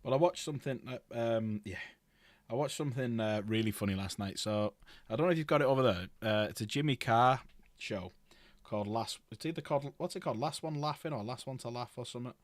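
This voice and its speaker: Fast chatty british guy, swears casually, dry sound. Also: mid-range voice, no room sound. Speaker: co-host. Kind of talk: casual chat.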